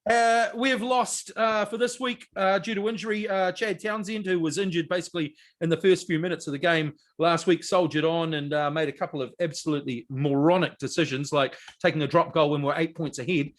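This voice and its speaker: A man co-hosts a sports podcast, his voice sitting noticeably high for a man. He talks bluntly and excitedly, swears freely and laughs easily in casual chat. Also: a little fast, few pauses. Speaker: podcast co-host.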